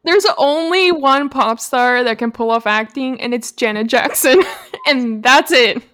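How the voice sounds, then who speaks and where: A woman's voice: high-pitched, a little slow, a bit bright, no room sound. A woman hosting a film podcast, chatting casually in a playful, slangy way and laughing often. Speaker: podcast host.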